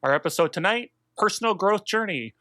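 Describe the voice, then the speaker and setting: A man's voice: high voice, expressive, a little fast. A man hosting a tabletop game podcast in a laid-back, rambling way with fillers. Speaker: podcast host. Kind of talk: casual chat.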